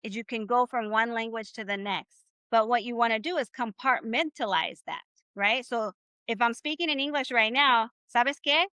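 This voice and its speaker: Woman, slightly high and bright voice, encouraging language teacher on a dry video call. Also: moderate pace, clean tone, no room sound. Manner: upbeat, encouraging, keeps asking "right?". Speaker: Spanish teacher. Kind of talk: live online class.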